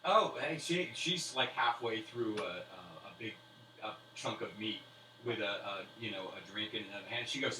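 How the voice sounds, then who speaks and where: A man's voice: lowish voice, expressive, normal speed, bright, forceful tone. A man narrating as game master, rambling with fillers and restarts. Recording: roomy, distant mic with faint hiss.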